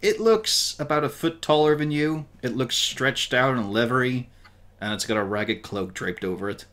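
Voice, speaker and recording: A man narrating as game master of a tabletop game, playful and lively, swearing and laughing as he describes scenes. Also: medium pitch, moderate pace.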